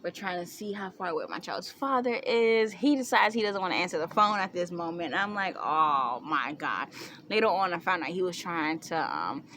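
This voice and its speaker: A woman's voice: lowish voice, lively intonation, fairly quick, few pauses, fairly bright tone, slight background noise. A young woman tells a story to camera in a chatty way, laughing and acting out what people said. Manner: chatty, laughing, acts out quotes with squeals. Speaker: vlogger.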